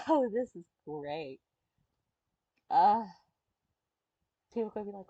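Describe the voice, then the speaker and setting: Thinking aloud during a live avatar-building session, a streamer mutters to himself at an unhurried pace, letting sentences trail off mid-thought. His medium-pitched, sing-song voice has a gravelly, husky edge and a dark tone. The dry stream audio sounds muffled and lo-fi.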